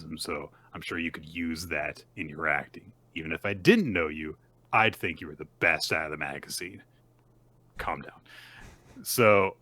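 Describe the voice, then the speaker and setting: A man's voice: sits low, bright, forceful tone, husky. A man co-hosting a casual manga recap podcast, retelling scenes and acting out the characters' lines. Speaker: podcast co-host.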